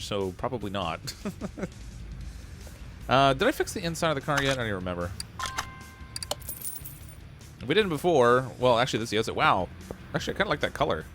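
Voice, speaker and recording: A man's voice: mid-range voice, sharp tone. A man casually chatting on a live stream while he plays a game, reading viewer comments and rambling with chuckles. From Canada. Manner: easygoing, rambling, with frequent "uh" and chuckles. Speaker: livestreamer playing a car repair game. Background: background music.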